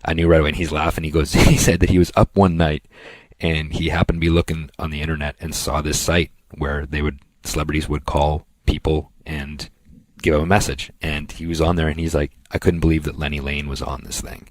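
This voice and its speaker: Very deep-voiced man telling stories. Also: level tone, a little fast, no echo. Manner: rambling anecdotes with impressions of others. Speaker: podcast co-host. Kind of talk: casual storytelling chat.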